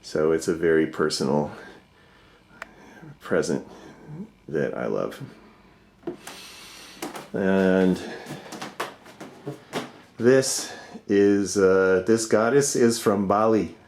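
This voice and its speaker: Low-voiced man giving a home tour. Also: takes it slowly, pauses often, slight background noise. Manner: warm, fond, many fillers, trails off softly at ends of thoughts. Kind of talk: casual home tour narration. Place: inside his house, moving through rooms.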